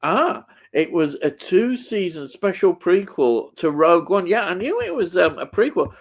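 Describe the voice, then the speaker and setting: A man's voice: sits high, big pitch swings, moderate pace. A man hosting a casual live stream, chatting about films and reading out viewer comments, rambling and hesitant with many ums and restarts. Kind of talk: casual chat.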